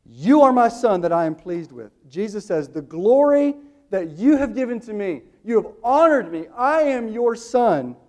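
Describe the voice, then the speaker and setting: A man in his thirties preaching a sermon, booming slow on quoted lines and dropping quick and hushed in his asides. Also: big pitch swings. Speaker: pastor.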